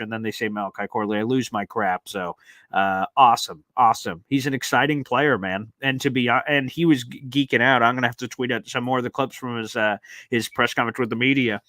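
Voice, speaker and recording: A man hosting a casual sports chat, telling stories in an excitable, animated way. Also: medium pitch, quick pace, dry recording. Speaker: sports show host.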